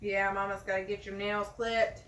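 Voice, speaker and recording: A woman's voice: mid-range voice, normal speed, recorded from a distance. A woman co-hosting a live stream from home, chatting casually and talking to her dogs in between. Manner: animated, talks to her dogs. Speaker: livestream co-host. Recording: roomy echo, away from mic, faint noise.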